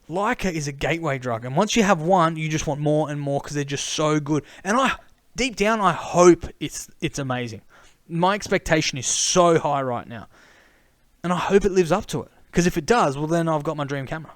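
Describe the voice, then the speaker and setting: Excitable rambling man, dry sound. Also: a little high, no echo. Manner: excitable, rambling, repeats himself. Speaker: camera vlogger. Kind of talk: casual rambling monologue.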